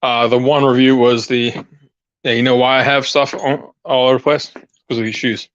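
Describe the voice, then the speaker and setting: A man's voice: medium pitch, flat delivery, moderate pace, fairly bright tone, dry recording. A man hosting a casual live chat outdoors while gardening, rambling and restarting as he talks straight to his viewers on a lapel mic. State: out of breath. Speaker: channel host. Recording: dull, dry lo-fi sound.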